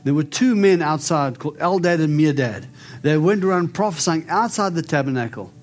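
A man preaching and praying over people in an animated, storytelling way. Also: on the high side, brisk. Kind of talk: prophetic ministry preaching and prayer.

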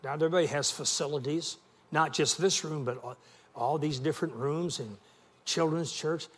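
A man's voice: on the high side, moderate pace. A middle-aged man preaching a sermon as a guest preacher, telling folksy stories and calling for responses from the congregation. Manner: folksy storytelling with call and response.

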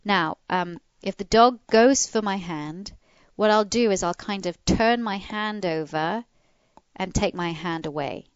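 A woman's voice: a little slow, smooth, dry recording, dull audio. Woman giving dog training tips. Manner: animated, demonstrates commands in a soft low voice. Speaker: podcast co-host and dog trainer. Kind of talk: casual podcast chat giving dog training advice.

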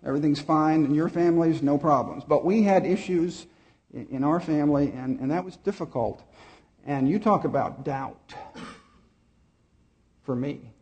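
A middle-aged man preaching a sermon, telling a personal story with pauses and repeated words. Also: fairly high pitch, a little mellow, lo-fi sound. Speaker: pastor.

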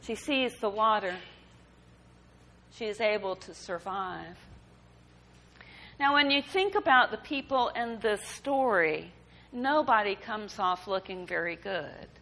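A woman preaching a sermon, reading scripture and reflecting on it in a measured, emphatic way. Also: mid-range voice, lively intonation, pushed and bright, poor audio. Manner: slow, deliberate preaching with emphatic rises.

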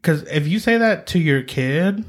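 A man's voice: fairly high pitch, animated, a little slow. Candid, rambling young podcast host, a man. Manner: candid, rambling with many fillers. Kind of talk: casual chat.

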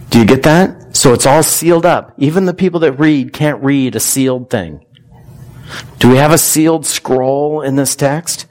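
A man's voice: medium pitch, moderate pace, a little mellow. Conversational man preaching a sermon. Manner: conversational, asks the congregation questions. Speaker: pastor.

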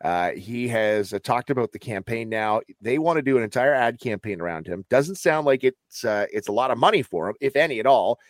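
A man's voice: mid-range voice, expressive, a little fast, hardly any pauses, no room sound. A man co-hosting a casual chat show, joking and acting out quoted bits. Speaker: podcast co-host.

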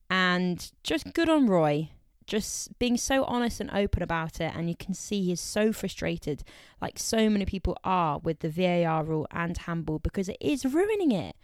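A woman's voice: on the low side, a little mellow, no room sound, clean studio sound. A young woman, co-hosting a podcast in a chatty, playful way and laughing between remarks. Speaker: podcast co-host. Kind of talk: casual podcast chat about football.

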